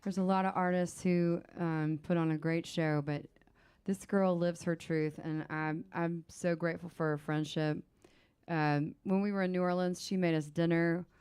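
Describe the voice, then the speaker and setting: A woman's voice: lowish voice, fairly even intonation, normal speed, a little mellow, smooth. A woman songwriter speaking earnestly and affectionately about a friend at a small live music venue. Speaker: songwriting collaborator. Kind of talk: heartfelt onstage tribute.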